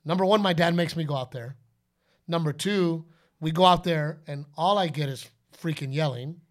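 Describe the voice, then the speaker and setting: A man with a slightly high voice speaks at a moderate pace while co-hosting a podcast. He chats casually and animatedly about fatherhood, often breaking into playful voices like an animated storyteller doing announcer shouts.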